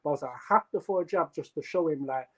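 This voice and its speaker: A man's voice: a little high, quick pace, poor audio. A young man, a guest boxer, tells stories in casual chat with many fillers. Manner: animated storytelling with many fillers.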